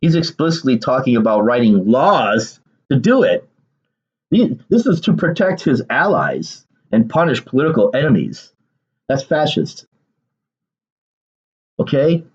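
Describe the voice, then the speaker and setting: A man's voice: medium pitch, sing-song, unhurried, long pauses, darkish tone, breathy edge, lo-fi sound. A man doing casual political commentary on his vlog, reading aloud and then ranting emphatically with bursts of laughter.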